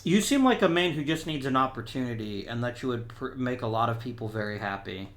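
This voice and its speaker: Guy doing laid-back let's-play commentary, bright forceful voice, chats to players on screen. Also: mid-range voice, animated, fairly quick. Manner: thinks aloud, talks to players on screen. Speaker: gaming channel host.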